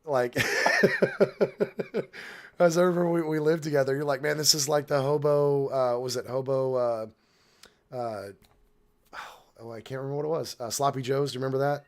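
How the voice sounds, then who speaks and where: A man co-hosting a podcast in easygoing conversation, talking with enthusiasm. He peppers his speech with "like" and "man." His voice sits at an ordinary pitch. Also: steady tone, fairly quick, darkish tone. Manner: enthusiastic, filler-heavy. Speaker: podcast co-host. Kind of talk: casual chat.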